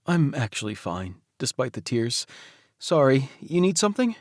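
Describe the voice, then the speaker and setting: A man's voice: mid-range voice, big pitch swings, normal speed, no room sound, clean studio sound. A male audiobook narrator voicing a sweet, emotional young man. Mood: cheerful. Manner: sweet, tearful, giddy.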